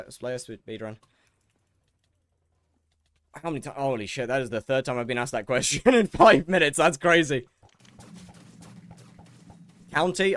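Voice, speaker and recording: Animated man chatting with viewers. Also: mid-range voice, no room sound. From England. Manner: banters with chat, wry and sarcastic. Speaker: game streamer. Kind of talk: casual chat with viewers while gaming.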